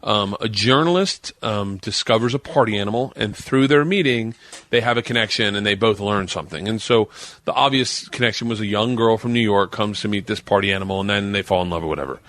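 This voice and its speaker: A man's voice: fairly low pitch, a little fast, no echo. A man in his forties telling a story on a podcast, swearing freely and acting out what others said. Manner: animated storyteller, swears freely, acts out quotes. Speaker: podcast guest.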